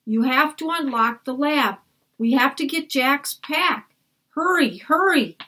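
A woman voicing an excited young girl in a storybook, high and urgent. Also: full character voice. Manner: quick, urgent, higher than her narration.

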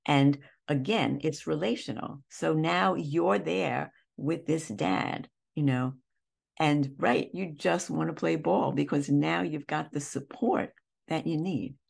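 Older female therapist, strong vocal fry, chatty storyteller in an interview. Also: sits low, slow. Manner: warm, animated anecdotes with many restarts. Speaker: therapist and teacher, interview guest. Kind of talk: conversational storytelling.

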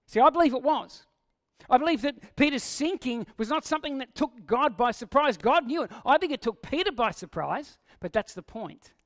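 A man's voice: very high-pitched, expressive, moderate pace. A man preaching a sermon in a conversational way, asking the listeners questions and acting out quoted lines. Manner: acts out quoted lines in a raised voice. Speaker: pastor.

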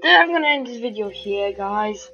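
A woman's voice: mid-range voice, lively intonation, normal speed, pushed and bright, dull audio, soft background music. A woman giving let's-play commentary on a horror game, jumpy and swearing, taunting the game's characters. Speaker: gamer playing a horror game.

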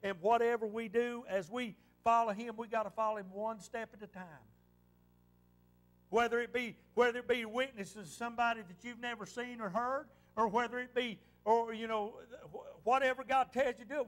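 Folksy Appalachian preacher, high voice. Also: male voice, a bit bright. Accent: Southern Appalachian. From western North Carolina. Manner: folksy storytelling with dialect. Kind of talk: sermon. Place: church.

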